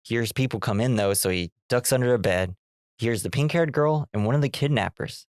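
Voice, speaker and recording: A man's voice: medium pitch, fairly quick, no room sound, studio quality. A man co-hosting a movie podcast, retelling scenes in casual chat and acting out the characters' lines between laughs. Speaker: podcast co-host.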